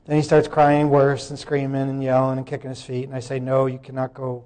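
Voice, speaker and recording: A man's voice: mid-range voice, little pitch movement, a little mellow, smooth. A man giving a live conference presentation, often stopping mid-sentence to sort out his slides. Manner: halting, breaks off mid-sentence to fix tech.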